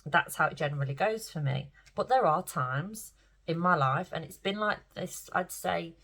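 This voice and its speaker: A middle-aged woman speaks to camera in a casual, rambling vlog. She sounds emotional and close to tears, yet talks openly and swears freely. Her voice sits a little low. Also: animated, normal speed, fairly bright tone. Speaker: spiritual vlogger.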